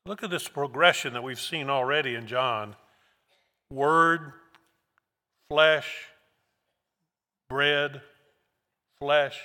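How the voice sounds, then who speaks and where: A man preaching a sermon verse by verse, slow and emphatic, repeating key words for weight. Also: medium pitch, sharp tone. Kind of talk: expository sermon. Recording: long hall reverb.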